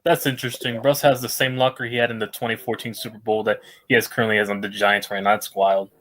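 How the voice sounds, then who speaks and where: A man's voice: lowish voice, flat delivery, fast talker, fairly bright tone. Joking man in a stream hangout. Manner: joking, laughs between lines. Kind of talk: casual gaming stream chat.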